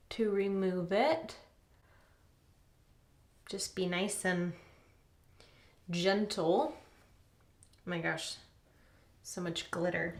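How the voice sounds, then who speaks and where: A woman's voice: mid-range voice, bright, forceful tone. A woman vlogger chatting casually through her nighttime skincare routine at the sink, a little out of breath, with water running. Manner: chatty, upbeat, talks while doing her routine. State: slightly out of breath. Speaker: beauty vlogger. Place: bathroom at the sink. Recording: echoey bathroom. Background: running water from the tap.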